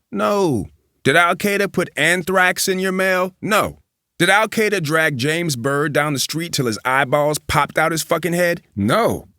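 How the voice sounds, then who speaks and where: A defiant stand-up comedian rants on stage, as a man reads him out, his voice leaping high with each shouted punchline. The delivery is loud and punchy. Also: dry recording, clean studio sound.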